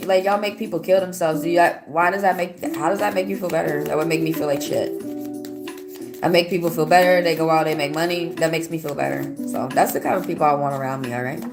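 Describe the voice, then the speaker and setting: A woman giving a casual live-stream tarot reading, answering viewer comments aloud in a loose, rambling way. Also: lowish voice. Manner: loose and rambling, with fillers and restarts. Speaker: tarot reader. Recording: music playing behind the voice.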